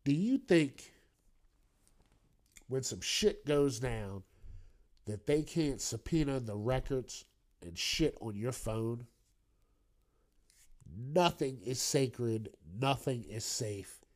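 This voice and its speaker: A man hosts his own podcast and chats alone about the news. He talks slowly and loosely, cursing freely and drifting into joking tangents. His voice sits at an ordinary middle pitch. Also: animated, a little mellow. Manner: rambling, profane, joking asides. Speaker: podcast host. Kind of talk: casual solo news commentary.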